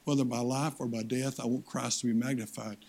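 An older man, preaching as a guest, gives a folksy sermon fairly quickly in a creaky voice with little pitch movement overall. Still, he moves from loud, high exhortation to soft, low appeals.

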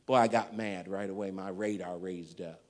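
A man preaching a sermon and telling a story, emphatic and dramatic, swinging between loud and hushed. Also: sits low, fairly even intonation, normal speed. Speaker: pastor.

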